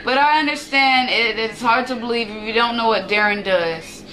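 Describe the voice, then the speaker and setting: A woman's voice: on the high side, normal speed, sharp tone, slight background noise, rough recording. A young American woman co-hosting a casual chat, reading viewer comments and answering them bluntly. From United States.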